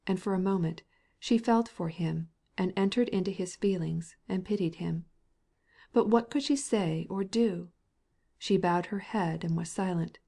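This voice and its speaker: A woman reads a classic novel aloud in a measured, even way. Her voice sits low and sounds mellow and relaxed. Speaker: audiobook narrator. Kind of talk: scripted narration of a classic novel.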